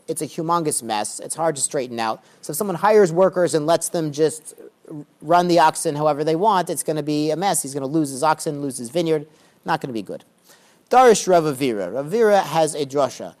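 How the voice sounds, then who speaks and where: A man with a slightly high voice teaches a Talmud class, reading Aramaic phrases slowly and then explaining them in casual English. He slips in dry, joking asides.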